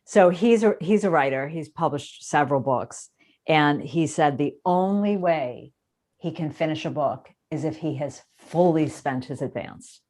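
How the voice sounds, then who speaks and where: A woman's voice: low voice, a little slow, darkish tone. A woman from the United States hosting a casual interview chat, chatty and self-deprecating, laughing often. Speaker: podcast host.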